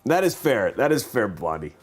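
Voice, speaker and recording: Chatty, animated livestream host, a man. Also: fairly low pitch, moderate pace, husky, soft background music. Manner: rambling, joking, laughs often. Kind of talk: casual livestream chat.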